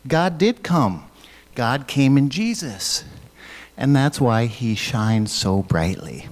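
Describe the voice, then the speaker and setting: Guy doing a kids' talk at church, slow and gentle, voice goes up and down a lot. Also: mid-range voice, sing-song. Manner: gentle, asks children questions and waits for answers. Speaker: children's message leader. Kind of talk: children's sermon.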